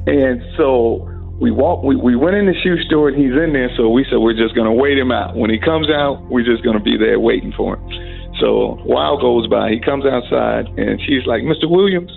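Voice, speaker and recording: A man's voice: mid-range voice, normal speed, vocal fry. A man in an interview, telling a story animatedly and acting out the quoted dialogue. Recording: phone-like narrow band with faint music.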